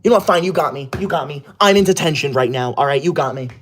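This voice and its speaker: A man's voice: a little high, quick pace, slight background noise, natural voice. A man doing a bossy, scolding schoolboy streamer. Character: bossy, touchy schoolboy livestreamer obsessed with rules. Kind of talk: comedic livestream parody.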